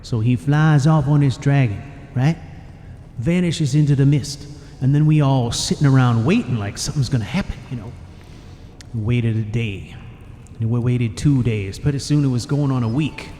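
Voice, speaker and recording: A man's voice: medium pitch, normal speed, dark tone, slight background noise, close to an everyday voice. A man doing a folksy old Nord storyteller. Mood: storytelling. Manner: rambling, folksy, ungrammatical. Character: folksy older male Nord warrior, rambling storyteller. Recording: long reverb, faint music behind.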